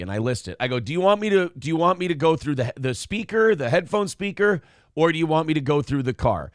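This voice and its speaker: Talking fairly quickly in a slightly high voice, a middle-aged podcast co-host tells lively stories in casual chat, cursing liberally throughout. The audio is clean studio sound with no room noise.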